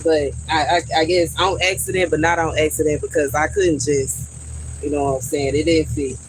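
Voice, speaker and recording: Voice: mid-range voice, level tone, normal speed, noisy background. A livestream host chatting casually and frankly with viewers outdoors by a garden, griping and laughing easily. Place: outdoors by a garden on a hot day.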